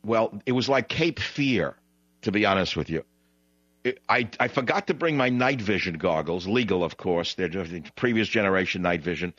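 A man hosting a call-in radio show, telling a long rambling anecdote in a blunt, digressive way, his voice jumping high when he retells what others said. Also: expressive, normal speed, fairly bright tone, no room sound, muffled recording. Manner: blunt, digressive, frequent "blah, blah, blah". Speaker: radio talk show host.

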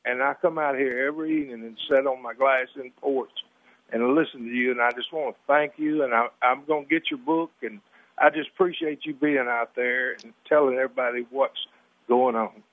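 A man's voice: mid-range voice, fairly even intonation, a little fast, no echo. A man from Alabama with an Alabama accent, calling in to a radio show earnestly and gratefully. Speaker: caller. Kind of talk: call-in radio conversation. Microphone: telephone. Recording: tinny phone line.

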